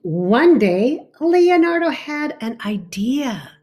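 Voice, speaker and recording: A woman reading a picture book aloud to a child, stopping often to point things out and ask him questions in an animated, exclaiming way. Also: high voice. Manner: animated, talks to a child between pages; slow and warm, exclaiming often. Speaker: reader to a child.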